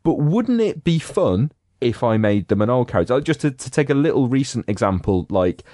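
A man's voice: mid-range voice, big pitch swings, fairly quick, mellow, no echo, clean studio sound. A man on a film podcast, talking enthusiastically about comics and acting out quotes as he rambles. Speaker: podcast panelist. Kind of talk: casual film discussion.

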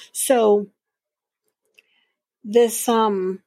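Woman podcast host, gravelly and husky, close dry mic, sarcastic and swearing freely through a casual TV recap. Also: medium pitch, measured pace, dry recording. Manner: profane, sarcastic storytelling with frequent laughs.

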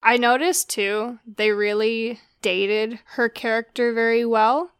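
A woman's voice: fairly high pitch, steady tone, takes it slowly, clean tone, no echo, clean studio sound. A woman in a casual chat about a film, talking with fillers and trailing sentences. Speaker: podcast co-host discussing a film.

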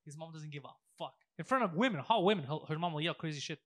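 Animated, high-voiced man telling stories. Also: fast. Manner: animated storytelling, heavy swearing. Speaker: podcast co-host. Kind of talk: casual chat.

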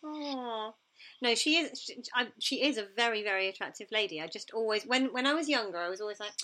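A woman in her thirties chats on a podcast in a high, bright voice. She laughs easily and pokes fun at herself. Her pitch jumps around a lot as she talks. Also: lively intonation, fairly quick. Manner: giggly, self-deprecating. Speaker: podcast co-host. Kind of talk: casual chat.

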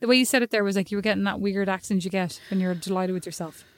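A woman's voice: mid-range voice, rapid-fire, dry recording, studio quality. Playfully outraged Irish woman. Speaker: podcast co-host. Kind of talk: casual chat.

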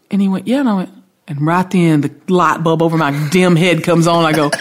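A woman songwriter with a Southern accent spins a long, animated anecdote as an interview guest, mimicking the people she quotes. Her voice sits on the low side and runs a little fast.

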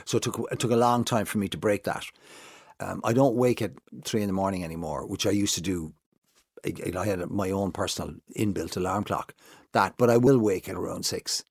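A middle-aged man talking casually as a guest and telling animated stories about his old working hours. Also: brisk, creaky, breathy edge, no echo. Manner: animated storyteller, jumps high to mimic others. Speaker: guest, former breakfast TV presenter. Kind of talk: casual chat.

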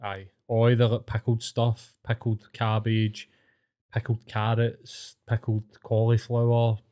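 Mellow-voiced Scottish man chatting. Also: fairly low pitch, completely flat delivery, slow. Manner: enthusiastic, sweary banter. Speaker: podcast co-host. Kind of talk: casual chat.

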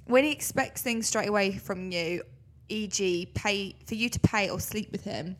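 A woman's voice: medium pitch, moderate pace, fairly bright tone. A young woman co-hosting a podcast, chatting bluntly and giggling with a friend. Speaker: podcast co-host. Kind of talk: casual chat.

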